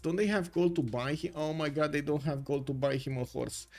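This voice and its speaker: A man giving play-by-play commentary on a strategy game match, excitable and full of filler pauses. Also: on the high side. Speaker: esports caster.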